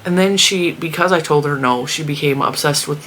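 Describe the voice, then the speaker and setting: A woman's voice: sits low, normal speed, a bit bright, slight background noise. A middle-aged woman chatting casually, telling rambling personal stories with frequent laughs. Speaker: crochet vlogger. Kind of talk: casual chat.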